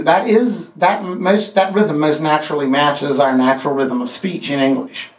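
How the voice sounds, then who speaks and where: A man teaching a poetry class, speaking haltingly with restarts and counting out the beats of meters. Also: fairly high pitch. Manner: halting, many restarts and fillers, counts out rhythms. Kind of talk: classroom lecture. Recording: echoey room from far off.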